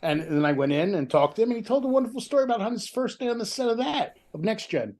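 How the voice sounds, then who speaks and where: A man being interviewed about his book over a video call, telling lively anecdotes in a chatty, self-deprecating way. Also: high voice, fast. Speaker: author, interview guest. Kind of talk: casual storytelling chat.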